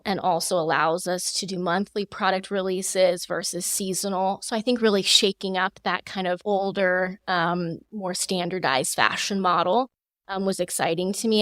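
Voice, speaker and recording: A woman's voice: fairly low pitch, fairly bright tone, no room sound, clean studio sound. Polished designer woman in her thirties. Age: 30s. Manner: measured, polished, with many fillers. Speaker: fashion designer guest. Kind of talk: podcast interview.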